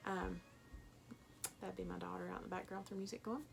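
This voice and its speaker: A woman's voice: fairly low pitch, little pitch movement, brisk, vocal fry, faint music behind. A middle-aged woman with a Tennessee accent, chatting casually through an unboxing vlog at home, rambling with lots of ums. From Tennessee, USA. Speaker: thrift reseller vlogger.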